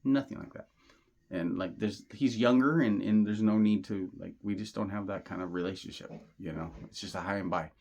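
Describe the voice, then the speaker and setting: A man's voice: fairly low pitch, fairly quick, gravelly, a little mellow. A man telling a personal story in a casual monologue, rambling and repeating himself with plenty of slang, earnest and insistent. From Southern California. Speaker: channel host.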